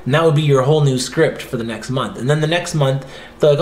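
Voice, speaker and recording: A man's voice: medium pitch, quick pace, a little mellow. A Canadian man chats casually on his podcast, telling stories with animation and mimicking scripts. His mid-range voice carries a noticeable room echo. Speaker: podcast host. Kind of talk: casual chat.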